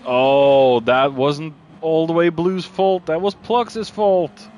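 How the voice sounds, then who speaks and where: A man giving live commentary on a sim racing league, calling overtakes and getting excited, even shouting warnings at drivers. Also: a little high, takes it slowly, slight background noise.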